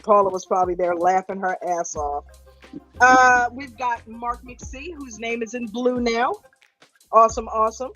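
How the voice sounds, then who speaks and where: Playful high-voiced woman host. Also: fairly bright tone. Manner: playful, teasing, affectionate. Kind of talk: casual livestream greetings.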